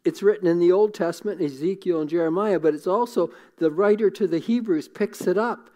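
A middle-aged man preaches a sermon in a high-pitched voice. He is earnest and emotional, repeats his phrases for weight, and sometimes drops to a near hush. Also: brisk. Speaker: pastor.

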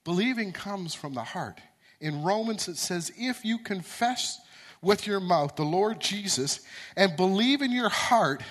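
A man's voice: high voice, fairly bright tone. A man preaching a sermon, earnest and repetitive, building to emphatic peaks.

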